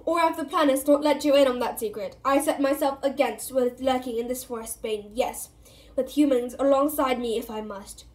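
A woman's voice: fairly high pitch, steady tone, moderate pace, darkish tone, close to an everyday voice. A woman doing a grave young centaur. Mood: urgent. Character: young calm wise male centaur, grave and kind.

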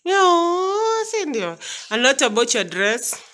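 Bright-voiced Kenyan mom vlogging at home. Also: female voice, medium pitch, lively intonation, moderate pace, a little hiss or hum. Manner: chatty, coaxing a toddler with playful questions. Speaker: mother and vlogger. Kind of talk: casual home vlog. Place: home, indoors.

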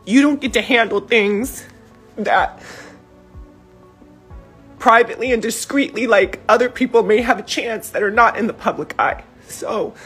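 Husky middle-aged woman ranting on a phone livestream from her living room, lots of ums, faint music behind. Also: fairly high pitch, moderate pace, a bit bright. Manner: rambling, emphatic, many fillers. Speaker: social media livestreamer. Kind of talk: emotional livestream monologue.

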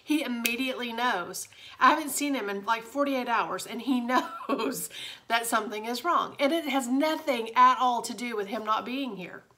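A woman's voice: fairly high pitch, normal speed, bright, forceful tone. A young woman, chatting casually and confidingly to viewers in a motivational vlog from her home office. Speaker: direct sales director.

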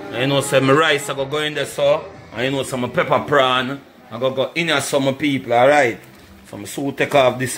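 A man's voice: medium pitch, a bit bright, rough recording. A man demonstrating home cooking, chatting to his viewers and calling them "my people" throughout. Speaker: cooking vlogger. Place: home kitchen.

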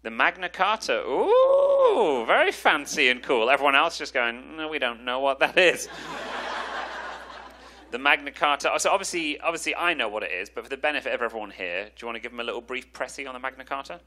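Man, English accent, stand-up comedian, self-mocking crowd work, bright sharp tone. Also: medium pitch, animated. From England. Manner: quick, teasing and self-mocking. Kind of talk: crowd work and freestyle rap. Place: comedy club stage. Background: music under the rap.

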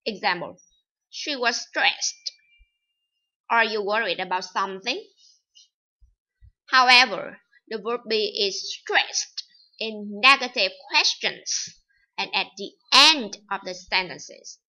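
A woman teaching an English lesson, reading vocabulary items and examples slowly and deliberately. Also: medium pitch, sharp tone. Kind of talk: recorded vocabulary and pronunciation lesson. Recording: dull lo-fi recording.

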